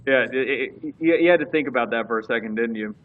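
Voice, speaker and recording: A man's voice: medium pitch, quick pace, a little hiss or hum. Guy rambling about wrestling, uh-ing a lot, kinda muffled lo-fi sound. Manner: rambling, many fillers and restarts. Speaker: podcast co-host. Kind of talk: casual wrestling chat.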